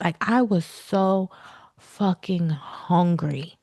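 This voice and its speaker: A woman with a fairly low voice chats bluntly and casually, swearing without a second thought. Her voice sounds dry and close, with no room around it. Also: slow pace, no room sound. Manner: blunt, relaxed, swears freely. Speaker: podcast co-host. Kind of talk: casual chat.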